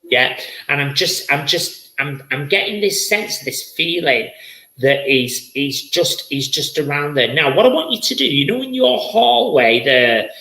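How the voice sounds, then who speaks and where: Bright, effusive man in a roomy space. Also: on the high side, big pitch swings, a little slow. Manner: chatty, effusive, repeats words. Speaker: psychic medium host. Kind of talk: live-streamed spirit reading.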